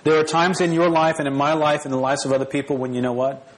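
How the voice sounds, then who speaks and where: A man's voice: a little high, flat delivery, quick pace, poor audio. A man preaching a sermon in an earnest, personal way, repeating phrases and restarting now and then. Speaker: pastor.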